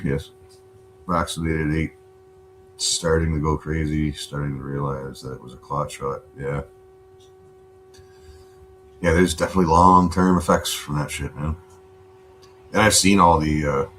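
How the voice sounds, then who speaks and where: A man hosting a casual livestream from home, rambling and swearing a lot in relaxed chat. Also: extremely low pitch, slight background noise. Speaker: livestream host.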